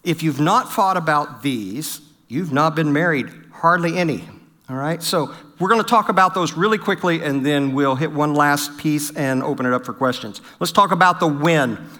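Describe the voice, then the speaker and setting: A middle-aged man delivering a humorous church talk on marriage. His voice sits a little high and sounds bright and forward. He tells stories with self-deprecating humor and acts out each quoted line. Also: moderate pace. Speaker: pastor.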